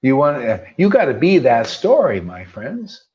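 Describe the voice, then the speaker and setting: A man's voice: mid-range voice, wildly swooping pitch, unhurried, darkish tone. A man preaching informally as a spiritual teacher, firing combative rhetorical questions and tossing in slangy "man" asides. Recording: dull lo-fi recording.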